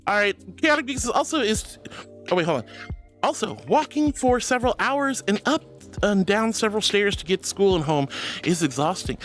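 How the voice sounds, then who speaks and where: A woman streamer chatting casually with her viewers, bubbly, giggly and openly emotional as she greets them. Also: medium pitch.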